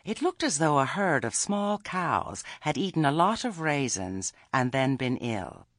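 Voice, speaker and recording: A man narrating an audiobook in an expressive, wry storytelling manner. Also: on the high side, a little slow, dry recording, clean studio sound. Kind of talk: scripted narration.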